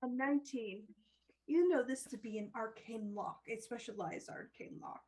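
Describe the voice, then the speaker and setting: A woman's voice: on the high side, measured pace, a little mellow, breathy edge, rough recording. A woman running a tabletop game as dungeon master, narrating scenes and laughing easily.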